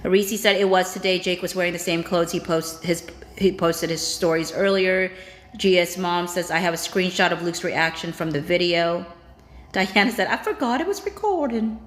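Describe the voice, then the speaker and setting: A woman with a somewhat low voice runs a casual livestream, reading viewer comments aloud one after another. She adds quick, chatty reactions between them. Her voice carries a roomy echo from the space around the mic. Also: flat delivery. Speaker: livestream host. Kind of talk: casual live-chat reading.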